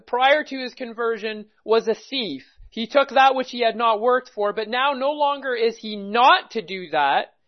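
A man preaching a measured expository sermon, reading and explaining scripture with pauses. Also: extremely high pitch, muffled recording. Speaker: pastor.

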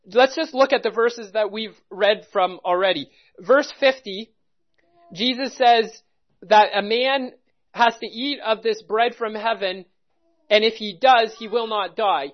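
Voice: mid-range voice, a little slow. A preacher giving a verse-by-verse Bible teaching, speaking in an emphatic, methodical way and stopping to stress key words. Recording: dull lo-fi recording.

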